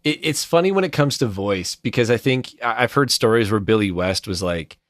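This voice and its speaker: A man's voice: on the low side, animated, a little fast, no echo, studio quality. A man who does cartoon voices, a guest in a casual interview, rambling through anecdotes with self-deprecating humor. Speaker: voice actor guest.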